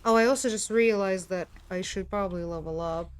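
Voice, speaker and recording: A young adult woman streamer in casual gameplay chat, dry and matter-of-fact, clearing her throat often. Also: mid-range voice, brisk, a crowd in the background.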